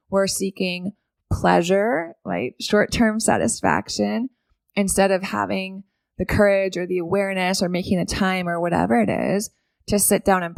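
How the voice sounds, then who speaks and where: A woman's voice: mid-range voice, gravelly, no echo, studio quality. A woman hosting a solo podcast, talking casually and often asking "right?" to keep the listener with her. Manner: conversational, keeps asking "right?". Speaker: podcast host.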